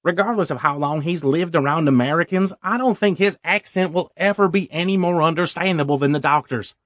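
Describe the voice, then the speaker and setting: A man's voice: fairly high pitch, fairly quick, fairly bright tone, no echo, studio quality. A man narrating a first-person audiobook story in a wry, self-deprecating way.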